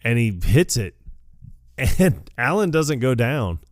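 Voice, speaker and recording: A man co-hosting a podcast, recapping a movie in casual chat, laughing often and acting out lines in lively voices. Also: medium pitch, slow, dry recording, clean studio sound. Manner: laughs often, acts out quotes in animated voices. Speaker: podcast co-host.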